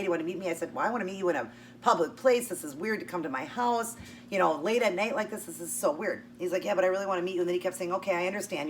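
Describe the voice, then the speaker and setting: A woman vlogger chattily telling a personal story while eating, acting out both sides of the conversation. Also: on the low side. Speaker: keto vlogger. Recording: distant mic with faint hum.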